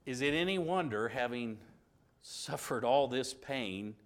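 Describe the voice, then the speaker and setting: A man teaching an informal Bible lesson, retelling the scene in a conversational way with restarts and asides, moving between loud passages and hushed ones. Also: mid-range voice, animated, measured pace.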